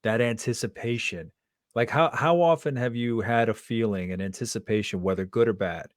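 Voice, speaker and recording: A man's voice: mid-range voice, moderate pace, no room sound, clean studio sound. A man hosting a podcast interview, talking casually and loosely with plenty of fillers. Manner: casual, relaxed talk with fillers. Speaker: podcast host.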